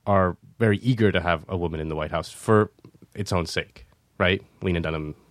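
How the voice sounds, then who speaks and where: Low-voiced young guy, earnest and halting, guest in a dry studio chat. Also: no room sound. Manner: hesitant, many restarts, earnest explaining. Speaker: podcast guest. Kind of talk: casual conversation.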